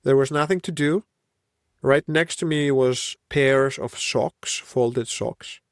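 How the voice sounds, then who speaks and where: A man from Greece in his thirties hosts a solo podcast in a mid-range voice with a Greek accent, speaking slowly. He reflects and muses along a wandering line of thought, and the recording is dry and studio quality.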